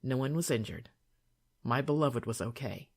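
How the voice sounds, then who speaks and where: An older woman reading her own memoir aloud in a calm, soothing, measured way. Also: very deep voice.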